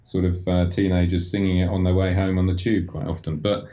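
A man, a guest from an advertising agency, explaining things after halting, stammering starts. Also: deep voice, little pitch movement, dark tone, dull audio. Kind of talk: casual conversational interview.

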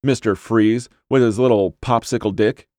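Male narrator doing a taunting wife, high tight voice, contemptuous, sneering, dark horror audiobook. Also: steady tone, moderate pace, dry recording, clean studio sound, close to an everyday voice. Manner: sneering, mocking. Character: shrill, contemptuous adult wife, scornful and taunting.

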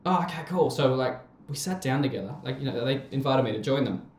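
A man's voice: mid-range voice, fairly quick, darkish tone, roomy sound. Rambling Australian guy telling stories. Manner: rambling, swearing, laughs often. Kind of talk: casual storytelling chat.

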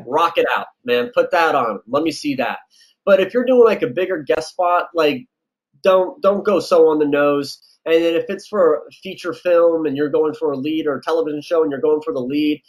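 A man's voice: a little high, poor audio. A man giving casual audition advice as a casting director, loose and chatty with lots of fillers. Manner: loose, chatty, lots of likes and you-knows.

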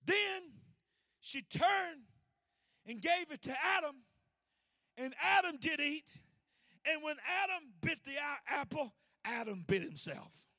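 A man preaching a folksy sermon, telling a story and calling out to the congregation, swinging from hushed to loud. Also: very high-pitched, expressive, takes it slowly, pauses often, no echo, clean studio sound. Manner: repeats "huh?" to the congregation.

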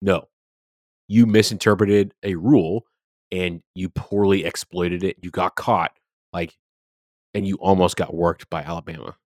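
A man's voice: low voice, fairly even intonation, unhurried, dry recording, studio quality. A man co-hosting a sports podcast, talking casually and animatedly, swearing freely as he rants about games. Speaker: podcast co-host.

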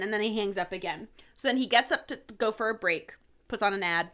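A woman's voice: mid-range voice, fairly quick. A woman co-hosting a podcast, recapping a TV episode in a loose, chatty way. She fills her speech with "like" and slips into the characters' lines as she goes. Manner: animated retelling, many "like"s, acting out quoted lines. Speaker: podcast co-host. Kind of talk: casual chat recapping a TV episode.

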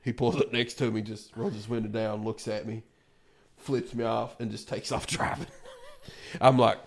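Gravelly laid-back man telling stories. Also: fairly low pitch, fairly even intonation, moderate pace. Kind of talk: casual storytelling.

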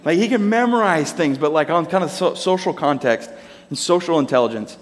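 A man's voice: on the high side, lively intonation, fairly quick. A man preaching a sermon, telling the story with animation and acting out the characters in voices. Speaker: pastor. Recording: long reverb of a large hall.

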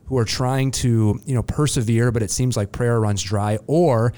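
A man hosting an interview, asking questions conversationally with halting restarts. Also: medium pitch, dark tone. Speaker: podcast host.

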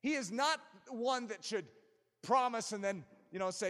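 A man preaching an impassioned sermon as pastor, building to forceful emphasis. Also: sits high, moderate pace, long reverb tail.

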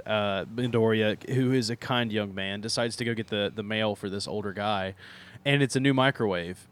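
A man co-hosting a casual podcast chat, an animated storyteller who retells scenes and laughs often. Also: on the low side. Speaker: podcast co-host. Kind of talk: casual chat recapping anime episodes.

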